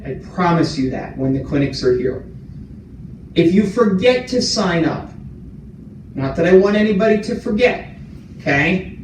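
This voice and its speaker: A man's voice: high voice, lively intonation, moderate pace, pauses often. A man giving a town hall update as a community administrator, speaking plainly and repeating key points to reassure his audience. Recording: roomy, distant, faint room hum.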